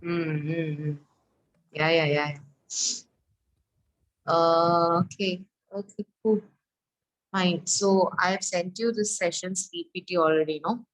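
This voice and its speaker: Woman, online tutor; casual, halting delivery over a call. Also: lowish voice, fairly even intonation, low-quality recording. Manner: casual, halting, many fillers. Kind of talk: online one-to-one lesson. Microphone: video call.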